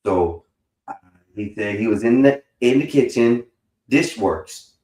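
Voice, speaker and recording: A man hosting a call-in stream, talking casually and profanely in a rambling, animated way. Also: medium pitch, a little slow. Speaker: stream host. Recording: roomy echo.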